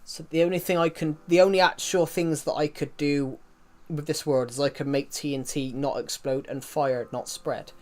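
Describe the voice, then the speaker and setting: A man's voice: fairly high pitch, fairly even intonation, moderate pace, few pauses, a little mellow. Rambling young British man streaming. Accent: British, not London. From United Kingdom. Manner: rambling, repeats himself, frequent "um" and "if you get what I mean". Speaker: game streamer. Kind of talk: casual live-stream chat.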